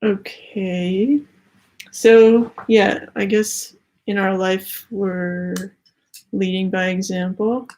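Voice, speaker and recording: Extremely slow and steady, the medium-pitched, darkish voice belongs to a young adult tarot card reader, with slight background noise behind her. Her casual spiritual reading rambles, heavy on "like" fillers, and she sounds slightly winded.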